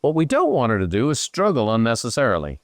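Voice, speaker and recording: A middle-aged Irish man hosting a show, coaching a guest in an animated, emphatic way. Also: medium pitch, fast, dry recording, studio quality. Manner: animated, emphatic, slips into playful voices for others. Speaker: host and business coach. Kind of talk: live coaching Q&A.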